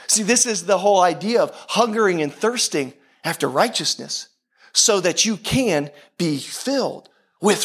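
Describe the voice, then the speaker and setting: A man with a fairly high voice preaches a sermon. He talks to the congregation in an easy, conversational way, often restarting his sentences and putting rhetorical questions to the room. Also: a bit bright. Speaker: pastor.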